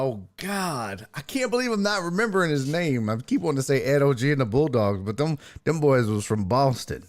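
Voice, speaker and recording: A man hosting a casual streamed sports talk show, chatting loosely with his viewers in a blunt, slangy way and swearing now and then. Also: mid-range voice.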